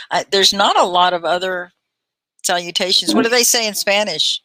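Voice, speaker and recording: A Texan woman hosts a relaxed online English lesson, sounding words out and laughing often. Her voice sits a little low but rings bright and lively. The sound is dry and close, with no room around it. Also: moderate pace, dry recording. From Texas. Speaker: ESL teacher and host. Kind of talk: casual live-stream English lesson.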